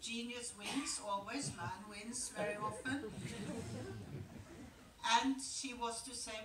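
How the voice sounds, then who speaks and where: A woman's voice: fairly high pitch, fairly even intonation, over a noisy crowd. Older woman, echoey hall. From Norway. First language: Norwegian. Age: 70s. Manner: reflective, halting, with pauses and restarts. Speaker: guest actress answering audience questions. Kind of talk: onstage Q&A storytelling. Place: large theater auditorium. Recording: echoey hall, picked up from far off.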